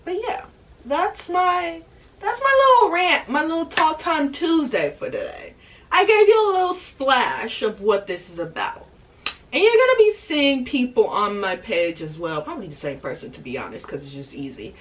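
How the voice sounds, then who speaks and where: A woman's voice: on the high side, sing-song, moderate pace, recorded from a distance. A young adult woman vlogger in a casual, emphatic rant to camera who repeats her points for effect.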